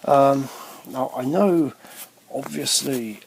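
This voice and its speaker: A man's voice: mid-range voice, slow, gravelly, a little mellow, slight background noise, rough recording. A man, a card game YouTuber, walking through his deck in a casual, rambling way, with many ums and mid-sentence corrections. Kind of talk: casual deck profile walkthrough.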